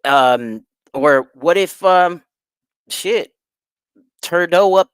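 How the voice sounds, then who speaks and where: A man hosting a show, reacting to news clips in a casual, profane way, loud and laughing, swinging from shouts to mumbles. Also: fairly high pitch, big pitch swings, a little slow, clear, resonant tone, dry recording, clean studio sound. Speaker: host.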